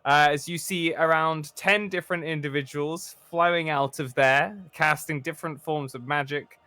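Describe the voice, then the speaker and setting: A man's voice: fairly high pitch, bright, forceful tone, no room sound. A man running a tabletop role-playing game as dungeon master, narrating scenes cinematically and laughing with his players over voice chat.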